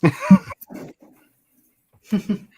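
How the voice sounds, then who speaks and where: A man in his forties hosting a casual chat, telling animated stories, laughing often and acting out quotes. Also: extremely high pitch, very slow, dry recording. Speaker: host.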